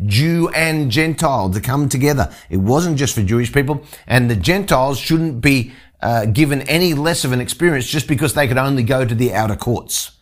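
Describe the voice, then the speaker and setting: Man preaching an expository sermon. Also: mid-range voice. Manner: expository, reads scripture then explains. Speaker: pastor. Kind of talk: sermon teaching.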